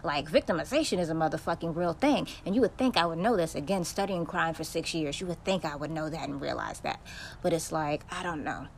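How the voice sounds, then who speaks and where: A woman's voice: deep voice, brisk, slight background noise. A young woman hosting a podcast, ranting bluntly and profanely in a casual monologue. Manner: profane, blunt, heated storytelling. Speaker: podcast host.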